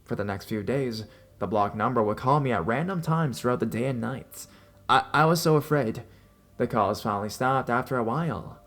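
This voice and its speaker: A young adult man calmly reading first-person horror stories as a narrator. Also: mid-range voice. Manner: calm, measured storytelling. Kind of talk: scripted narration. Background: faint background music.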